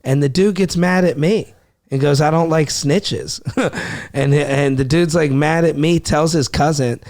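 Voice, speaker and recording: A man's voice: on the high side, a little slow, a little mellow, dry recording, clean studio sound. A young man from Ohio, a comedian, telling a story in casual podcast talk, acting out quotes and swearing freely. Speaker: comedian guest.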